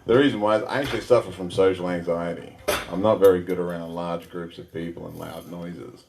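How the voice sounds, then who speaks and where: A man's voice: low-pitched, fairly even intonation, a little fast, creaky, a little mellow. A man with an Australian accent opening a stand-up set with self-deprecating jokes. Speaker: stand-up comedian. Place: warehouse comedy night. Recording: live crowd noise.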